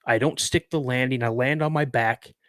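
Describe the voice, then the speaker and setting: A man's voice: mid-range voice, normal speed, no echo, clean studio sound. A man in his fifties telling a personal story as a podcast guest, in a vivid, dramatic way. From United States. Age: 50s.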